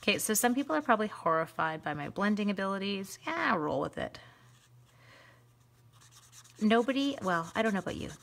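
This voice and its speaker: Chatty excitable woman hosting a craft stream. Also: mid-range voice, a little fast, creaky, long pauses. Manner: chatty, excitable, talks to viewers while coloring. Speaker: stamping demonstrator hosting a live stream. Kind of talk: casual live-stream craft demo.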